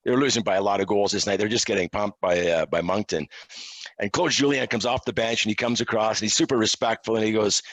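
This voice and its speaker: Low-voiced man telling relaxed stories. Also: fast talker, no echo. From Quebec. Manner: relaxed, self-deprecating anecdotes. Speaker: interview guest, hockey officiating analyst. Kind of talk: casual storytelling.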